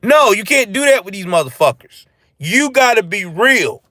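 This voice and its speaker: High-voiced, profane ranting man. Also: moderate pace, dry recording. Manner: profane, animated, answers chat. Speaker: live-stream host. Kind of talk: ranting political commentary.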